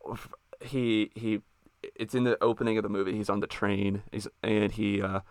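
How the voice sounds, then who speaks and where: American host, low gravelly voice, chatty, laughs often, dry close sound. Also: male voice, level tone, moderate pace, a little mellow, no echo. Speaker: podcast host. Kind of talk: casual podcast interview.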